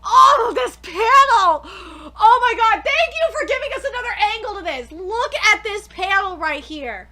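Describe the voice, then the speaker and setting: A young woman streaming a live comic reaction, gushing and excitable, swearing freely as she reads. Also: very high voice, a little slow, hardly any pauses, a crowd in the background.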